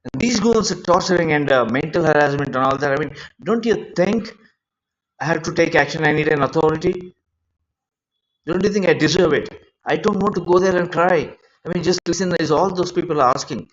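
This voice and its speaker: Distressed man pleading on a live stream. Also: on the high side. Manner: halting, repeats words, pleading and aggrieved. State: distressed, close to tears. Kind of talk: rambling live-stream monologue. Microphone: phone mic. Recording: lo-fi phone screen recording.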